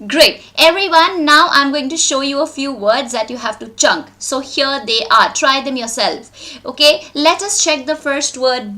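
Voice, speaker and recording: A woman's voice: high voice, sharp tone. A young Indian woman teaching children in a live online English lesson, cheerful and full of praise for her students.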